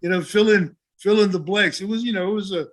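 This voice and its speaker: A man's voice: high voice, fast talker. A man in his seventies, a former wrestler co-hosting a podcast, telling stories in a rambling way with many restarts. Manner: rambling, full of restarts and "you know". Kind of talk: casual storytelling chat.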